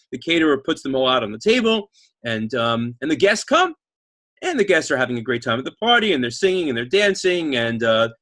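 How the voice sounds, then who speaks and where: A man teaching an online class, telling a story in an animated, chatty way and reading out viewer comments. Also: a little high, no echo.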